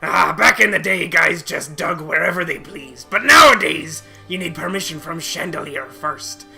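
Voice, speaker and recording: Man doing a grumbling old-salt pirate miner, high and bright, growly drawl. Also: expressive, moderate pace, gravelly, faint music behind, heavily acted. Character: gruff male pirate miner, grumbling and boastful.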